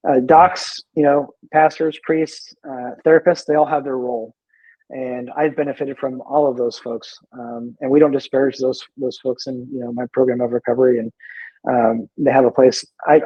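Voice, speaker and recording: A man who is a veteran in recovery, a guest in a casual interview, talking in a halting, easygoing way with many repeated words. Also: mid-range voice, slightly rough, no echo, lo-fi sound.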